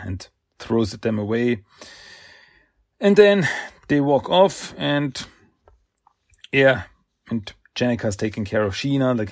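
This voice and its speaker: Gravelly man casually recapping a comic. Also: medium pitch, darkish tone, dry recording, clean studio sound. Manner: halting, many fillers and restarts, chuckles often. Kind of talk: casual retelling of a comic issue.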